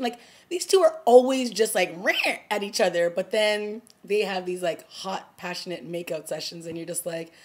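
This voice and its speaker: A young woman casually reviewing a TV episode as a vlogger, animated and chatty, often laughing and acting out lines from scenes. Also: mid-range voice, normal speed, hardly any pauses.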